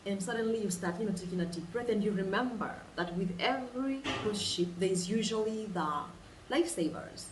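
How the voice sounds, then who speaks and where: A woman leading a guided imagination exercise, telling it in an animated way and repeating phrases for emphasis. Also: medium pitch, quick pace, a little hiss or hum. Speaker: vlogger. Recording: roomy sound, distant mic, faint ambience.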